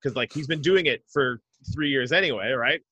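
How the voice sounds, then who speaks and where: A man's voice: mid-range voice, normal speed, bright, forceful tone, husky, no room sound, highs cut off. A man hosting a podcast, chatting loosely and sarcastically with plenty of fillers. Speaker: podcast host. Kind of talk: casual chat.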